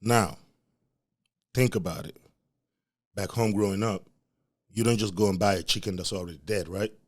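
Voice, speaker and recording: A young man from Africa, hosting a podcast and telling a comic, profane story in an animated way. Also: on the low side, normal speed. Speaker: podcast host. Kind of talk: storytelling rant.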